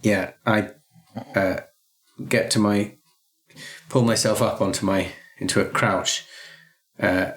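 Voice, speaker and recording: A man with a fairly low voice plays a tabletop game. He talks casually, with a dry, self-mocking humor. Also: steady tone, slow pace, long pauses, a bit bright. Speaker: player.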